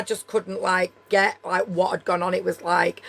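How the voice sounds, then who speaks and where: A woman's voice: lowish voice, level tone, normal speed, gravelly, hardly any pauses, fairly bright tone. A middle-aged woman from Leigh, England, with a Northern English accent, telling a story in a blunt, heated way and swearing freely. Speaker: streamer. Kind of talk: storytelling chat.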